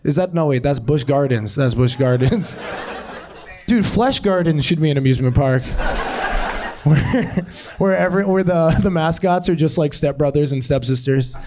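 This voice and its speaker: A young male comedian riffs off the top of his head on a club stage, rambling and breaking into giggles at his own ideas. His voice sits a little high for a man and comes through a handheld stage mic. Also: unhurried, darkish tone. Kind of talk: improvised stand-up.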